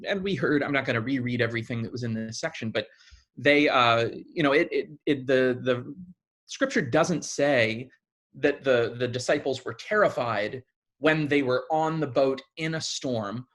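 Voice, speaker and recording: A man preaching a sermon in a conversational, animated way, often restarting his phrases. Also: mid-range voice, moderate pace.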